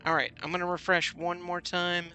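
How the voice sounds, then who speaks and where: A man's voice: high-pitched, monotone, a little fast, pushed and bright. A man streaming a video game, chatting casually with viewers with many fillers and restarts, over faint game music. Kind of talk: casual gameplay commentary.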